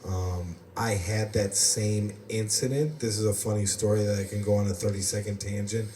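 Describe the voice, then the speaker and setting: A man's voice: on the low side, fairly even intonation, normal speed, dark tone. A man from the United States hosting a podcast, telling rambling stories in casual chat and laughing often. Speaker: podcast host. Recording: roomy, distant mic, faint background noise.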